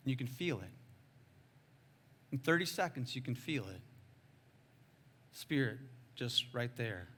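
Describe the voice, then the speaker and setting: A man preaching a sermon as a pastor, telling a story with lively, self-mocking humor and sudden swings between hushed and loud. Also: mid-range voice, a little slow, pauses often, husky.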